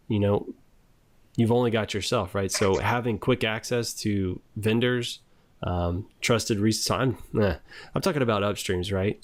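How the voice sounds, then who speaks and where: A man co-hosting a podcast, talking in a blunt, profane, rambling way. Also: on the low side. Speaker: podcast co-host. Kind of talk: casual chat.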